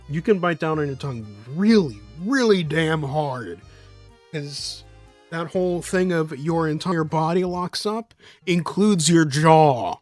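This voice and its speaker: A man chatting casually on a live stream, rambling and loosely profane, often restarting his sentences. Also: fairly high pitch.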